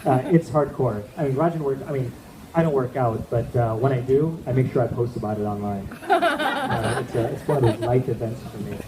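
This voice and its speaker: Speaking fairly quickly with a medium-pitched, expressive voice, a man works through a stand-up comedy set before a live crowd at an event, keeping it chatty and checking in with them. He's an amateur comic, and the echoey room picks up background noise.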